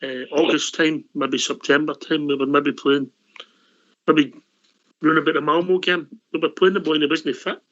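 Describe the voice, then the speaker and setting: A man chatting on a phone-in show, his voice a bit high. He speaks agreeably, often starting over with "I, I". The sound is dull and lo-fi. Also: flat delivery, moderate pace, fairly bright tone. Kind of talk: casual phone-in chat. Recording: dull lo-fi line.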